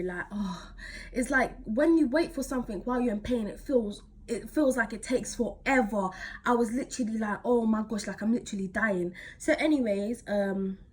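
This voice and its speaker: A teenage girl vlogger tells a personal story casually to the camera in a slightly rough, somewhat high voice. She rambles, using lots of fillers and slang.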